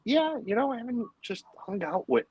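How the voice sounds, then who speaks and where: A man's voice: extremely high pitch, big pitch swings, normal speed, darkish tone, husky, no room sound, lo-fi sound. A man hosting a casual livestream from home, chatting and rambling with lots of fillers. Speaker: livestream host. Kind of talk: casual chat.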